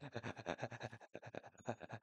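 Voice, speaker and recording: A woman's voice: extremely low pitch, very slow, slightly rough, dry recording. A young woman giving frantic, exasperated let's play commentary with lots of swearing. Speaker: gaming YouTuber.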